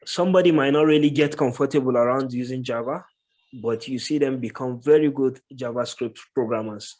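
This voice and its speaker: A man's voice: medium pitch, darkish tone. A man giving casual interview answers as a guest, thoughtful and stopping often on "uh" while he explains his work. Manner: thoughtful, many filler pauses. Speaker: guest, tech professional.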